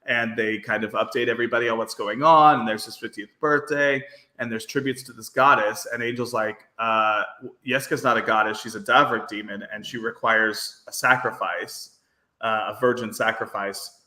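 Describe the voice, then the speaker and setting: A man's voice: lowish voice, steady tone, moderate pace, sharp tone, roomy sound. A man with a faint Brooklyn accent, co-hosting a podcast and recapping an episode in a rambling, filler-heavy casual chat. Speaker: podcast co-host.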